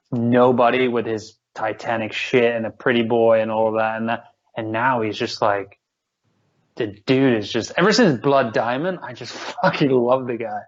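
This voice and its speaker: A man talks in a loose, rambling way, swearing freely and gushing as he goes. His voice sits in the middle range. The recording sounds dull and lo-fi. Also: medium pitch. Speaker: podcast co-host. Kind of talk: casual chat.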